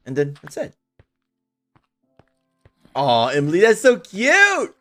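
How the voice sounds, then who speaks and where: A man's voice: fairly high pitch, very animated, normal speed, fairly bright tone, slight background noise. A man streaming a game, chatting earnestly with viewers about being a father, often restarting and repeating himself. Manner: earnest, open, with frequent restarts and repetitions. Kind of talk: casual chat with viewers during a game stream.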